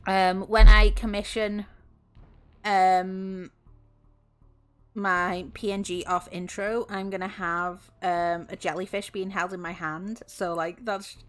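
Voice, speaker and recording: A woman's voice: mid-range voice, little pitch movement, takes it slowly, faint music behind. A woman streamer chatting casually with her viewers, bubbly and giggly, laughing often.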